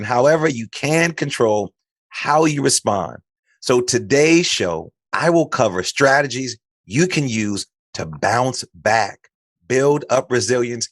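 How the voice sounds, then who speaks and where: A Chicago man hosts a podcast, chatting casually and playfully in an interview as he talks up his guest. His mid-range voice is recorded on a studio mic with studio quality and no room sound.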